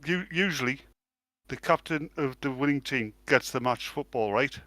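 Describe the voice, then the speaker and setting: A man's voice: mid-range voice, normal speed, sharp tone, no echo. A man, cohosting a casual podcast and building up jokes. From England. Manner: joking, builds up punchlines. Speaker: podcast co-host. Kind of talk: casual chat.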